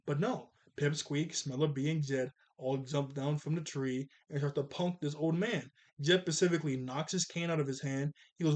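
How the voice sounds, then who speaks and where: Animated man recapping a cartoon. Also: on the high side, brisk, hardly any pauses. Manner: animated, acts out character lines in jokey voices. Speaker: cartoon reviewer. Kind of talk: casual episode recap.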